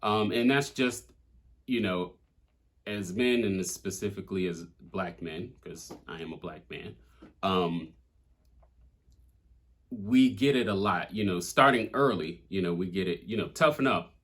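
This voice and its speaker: A young man speaks in a low register, his husky voice carrying an easygoing, candid flow. He talks through his own song with loose fillers and casual swearing, open and reflective. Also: measured pace, pauses often, fairly bright tone. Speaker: rapper breaking down his own track.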